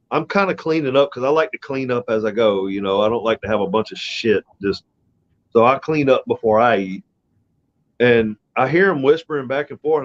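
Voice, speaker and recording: A middle-aged man spins a long personal story as he hosts a laid-back podcast. His talk wanders and is peppered with cursing, and feeling runs close under it. The audio is muffled and low-fi. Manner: rambling, profane, emotional retelling. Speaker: podcast host. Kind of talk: casual storytelling chat. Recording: dull lo-fi audio.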